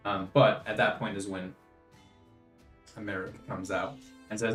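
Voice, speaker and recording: Relaxed man as game master, low voice, roomy echo, soft music underneath. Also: normal speed. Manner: easygoing, chuckles often. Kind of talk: narrating a tabletop game. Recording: echoey room, faint music.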